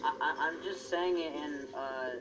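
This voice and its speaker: A man's voice: on the high side, unhurried, over music. A man in a casual online group chat, goofy and playful. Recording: distant mic with loud background noise.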